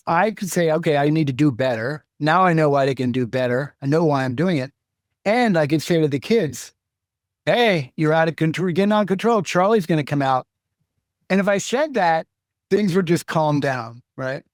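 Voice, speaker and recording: A man's voice: on the high side, no echo, clean studio sound. A middle-aged man, a consultant and author, speaking as a podcast guest, earnest and explaining through personal examples. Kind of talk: reflective storytelling in conversation.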